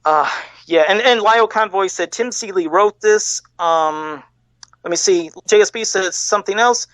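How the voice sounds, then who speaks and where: A man's voice: high-pitched, moderate pace, a bit bright, dry recording. A man co-hosting a fan podcast, ranting hard with lots of swearing and getting emotional. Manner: profane, worked-up ranting. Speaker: podcast co-host. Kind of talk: heated fan podcast rant.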